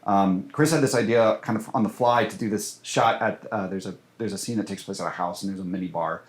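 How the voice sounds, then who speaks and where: A film director with a lowish voice speaks briskly in a casual interview. His talk rambles and hesitates, packed with fillers and restarts, and the room gives off a noticeable echo.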